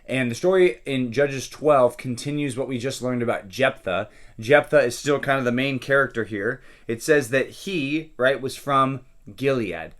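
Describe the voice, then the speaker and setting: A man's voice: mid-range voice, moderate pace, few pauses, fairly bright tone. A man, a pastor, casually talking through a daily Bible reading and often checking in with listeners with "okay?" and "right?". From California.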